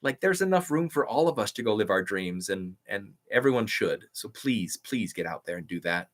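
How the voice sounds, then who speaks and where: A man's voice: on the low side, lively intonation, moderate pace. A man hosting a casual live stream, eagerly answering viewer comments and sprinkling his talk with "like" and "um". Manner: eager and upbeat, with frequent "like" and "um".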